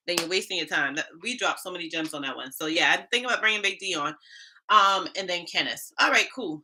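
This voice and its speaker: Bright-voiced woman with a Charleston Geechee accent. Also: lowish voice, fairly quick. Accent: Charleston Gullah Geechee. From Charleston, South Carolina. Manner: chatty, talks straight to the chat. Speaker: HR livestream host. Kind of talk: casual livestream chat.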